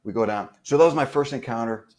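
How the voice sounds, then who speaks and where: A man's voice: medium pitch, fast talker, a little mellow. A man telling stories from a film set in a casual interview, rambling with many fillers and restarts. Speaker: guest, stunt performer.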